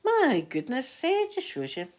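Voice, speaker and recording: A woman's voice: high voice, huge pitch swings, moderate pace, a little mellow. A Scottish woman hosting a casual live chat with her viewers, telling funny stories, laughing often and acting out what people said. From Scotland. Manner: chatty storyteller, laughs often, acts out quoted voices. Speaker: livestream host chatting to viewers.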